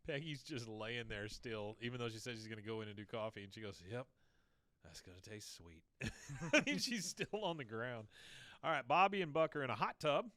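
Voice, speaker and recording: A man's voice: mid-range voice, a little fast, no room sound. A man co-hosting a podcast, casually recapping a cartoon episode and acting out lines as he goes. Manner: animated storytelling, acts out lines. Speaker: podcast co-host.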